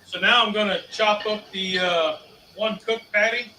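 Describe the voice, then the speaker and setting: A man's voice: sits high, fairly even intonation, a little slow, a little hiss or hum. A man talking through a cooking recipe step by step, matter-of-fact as he works. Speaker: cook. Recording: roomy, bright and far from the mic.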